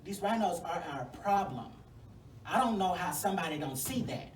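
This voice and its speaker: Caught from afar in an echoey hall with a little hiss or hum, this congressional candidate gives a fired-up, folksy and sassy campaign speech at a forum. Her voice is on the low side, animated and at a moderate pace.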